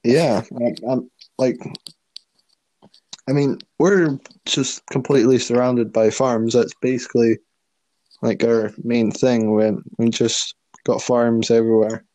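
A man's voice: mid-range voice, steady tone, slow pace, dark tone, no room sound. A young man chatting casually as a podcast co-host, rambling and hesitant, laughing often. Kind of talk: casual chat.

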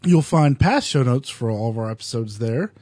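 A man's voice: mid-range voice, expressive, normal speed, a little mellow, no echo. A man hosting a solo podcast, giving an earnest, digressive film review in a casual way.

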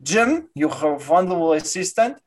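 A man's voice: high-pitched, big pitch swings, normal speed. Male improviser as a dramatic Eastern European doctor; put-on Russian-Ukrainian accent, fatalistic grand speeches. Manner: broken grammar, grandiose doom speeches. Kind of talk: improv scene.

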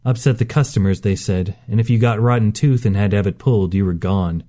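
Mellow-voiced male story narrator. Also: fairly low pitch, brisk. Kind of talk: scripted narration.

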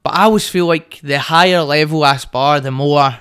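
Young man, Scottish accent, cocky laughing storyteller, slightly high voice. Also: moderate pace, a bit bright, clear, resonant tone. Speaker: guest boxer. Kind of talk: casual podcast chat.

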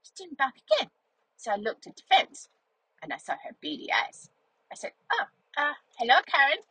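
A woman voicing a cheerful, chatty young female schnauzer dog, telling a story with a childlike, rambling, playful manner and a breathy voice. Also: high voice, huge pitch swings, normal speed, sharp tone, dry recording, full character voice, low-quality recording. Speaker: vlog narrator in character. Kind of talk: storytelling in character.

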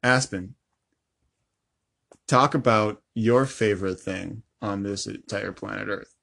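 Teasing young woman with a husky voice. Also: very deep voice, slow pace, fairly bright tone. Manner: teasing, laughs often. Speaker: podcast co-host. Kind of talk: casual podcast banter.

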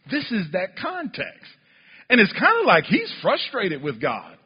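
A man preaching a sermon, calling on the congregation to answer back and building to fervent near-shouting when he retells scripture. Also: a little high, wildly swooping pitch, normal speed, breathy edge. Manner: calls on the congregation for responses. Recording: lo-fi with long hall reverb.

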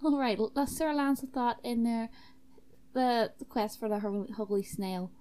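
A woman's voice: on the high side, steady tone, moderate pace, dark tone, smooth. A young woman hosting an improvised comedy podcast while tipsy, rambling loosely and swearing between giggles. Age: young adult. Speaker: podcast host.

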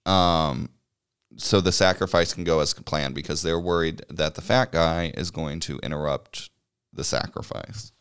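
A man's voice: a bass voice, fairly even intonation, measured pace, fairly bright tone, clear, resonant tone, no echo, studio quality. A man chatting casually, recapping a movie at a meandering pace, swearing and chuckling as he goes. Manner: rambling and swears freely, chuckling while recapping.

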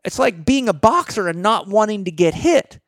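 Middle-aged male guest, blunt lecturing delivery, gravelly high voice. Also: very animated, normal speed, no echo, clean studio sound. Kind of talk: motivational talk.

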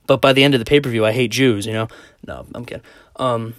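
A man's voice: medium pitch, steady tone, quick pace, dry recording, clean studio sound. A young man talking casually in a rambling monologue, swearing often and filling gaps with "like" and "um". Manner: rambling, profane, lots of "like" fillers. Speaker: vlogger.

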